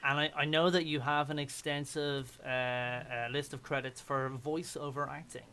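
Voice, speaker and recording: Halting man hosting a radio arts show. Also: mid-range voice, fairly even intonation, sharp tone, smooth. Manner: halting, repeats words while finding his phrasing. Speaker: radio host. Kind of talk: radio interview chat.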